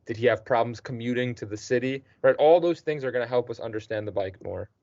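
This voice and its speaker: A man's voice: mid-range voice, quick pace, a little mellow, no room sound. A man teaching a student one-on-one, patient and encouraging, checking in with the student often. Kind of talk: one-on-one tutoring session. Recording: dull dry lo-fi recording.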